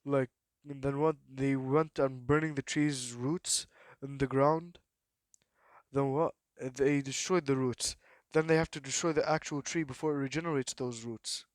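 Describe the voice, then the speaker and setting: A man telling a made-up fan story off the cuff, halting often and filling gaps with "then what?". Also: medium pitch, steady tone, dry recording. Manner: halting, full of fillers and repeated "then what?". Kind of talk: rambling improvised fan story retelling.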